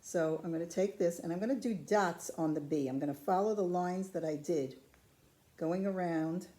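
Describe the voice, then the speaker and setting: A woman's voice: fairly low pitch, normal speed. A woman patiently demonstrating ceramic painting step by step, chatting to the camera as she works. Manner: calm, patient, chatty instruction. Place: craft studio.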